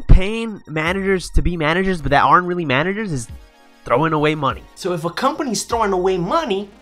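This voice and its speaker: A young man telling a storytime rant as a vlogger, animated and slangy, with lots of emphasis. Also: high voice, no room sound.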